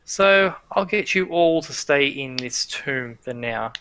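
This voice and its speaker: An ancient male villain god with a grand, deliberate menace, as a game master puts him on. The tone is bright and ringing, and the voice sits in a middle pitch and rises a little over the game master's own. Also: lively intonation, smooth. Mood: menacing.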